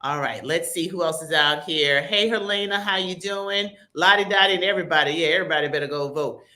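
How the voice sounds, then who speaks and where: A woman hosting a live stream, chatting casually and reading out shout-outs from the chat in a lively, conversational way. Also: lowish voice, a little fast. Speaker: livestream host.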